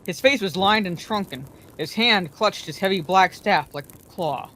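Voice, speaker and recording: Lady reading a bedtime story, calm and even, middle pitch. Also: normal speed, slight background noise. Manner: calm, even read-aloud narration.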